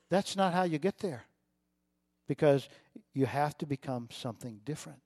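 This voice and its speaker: Male pastor preaching, storytelling, gets quiet n emotional then loud again, dry close sound. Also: fairly high pitch, fairly quick, dry recording. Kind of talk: sermon.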